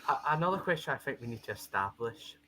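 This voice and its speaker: Bright-voiced man running a tabletop game. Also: mid-range voice, animated, fast, poor audio. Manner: hesitant, many fillers. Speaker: game master.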